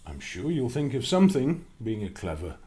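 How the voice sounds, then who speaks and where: A man's voice: medium pitch, very animated, normal speed, dark tone, close to an everyday voice. A friendly male badger, read by a man. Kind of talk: storybook narration.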